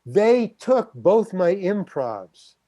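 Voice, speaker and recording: An older man, a guest actor, telling a story in an interview, animated, stammering and acting out the other people's voices. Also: sits high, drawn-out words, no echo. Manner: animated, acts out quoted voices, stammers and restarts.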